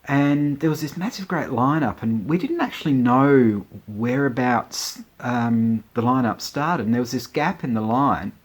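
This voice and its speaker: Rambling, amused man. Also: mid-range voice. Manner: rambling and amused, many fillers and asides. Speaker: vlogger. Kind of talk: casual storytelling to camera.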